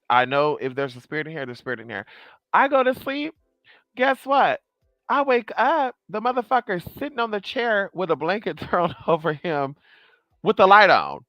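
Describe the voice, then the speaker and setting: A young man telling a ghost story in a casual, animated way, with lots of profanity and sudden leaps into a high voice. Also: no echo. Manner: animated, profane, dramatic swoops into high pitch. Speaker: vlogger.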